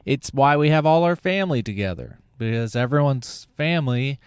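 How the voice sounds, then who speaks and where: A man's voice: medium pitch, lively intonation, moderate pace, clear, resonant tone, no echo, studio quality. A man hosting his own podcast in a casual, sarcastic, rambling comedic monologue, swearing now and then. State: out of breath. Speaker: podcast host.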